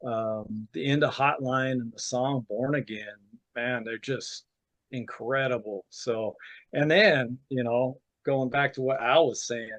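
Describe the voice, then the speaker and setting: A man talking about albums in a casual video call chat, animated and full of fillers. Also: medium pitch, a little slow, no echo. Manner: animated, lots of you know and fillers. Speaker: guest musician.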